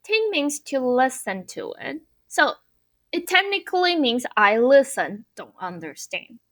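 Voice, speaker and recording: A woman teaching an online Mandarin lesson, who explains cheerfully and repeats phrases slowly. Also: a little high, fairly bright tone. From Taiwan.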